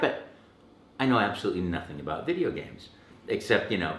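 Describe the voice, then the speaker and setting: Animated male voice-actor guest, somewhat low voice, roomy echo. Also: moderate pace. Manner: animated, acts out quotes, many restarts. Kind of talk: casual interview storytelling.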